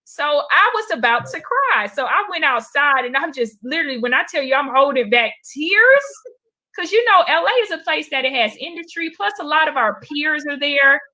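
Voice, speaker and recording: A woman stand-up comedian telling stories in a casual, animated interview, with frequent fillers and repeats. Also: high voice, normal speed. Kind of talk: casual storytelling in a talk show interview.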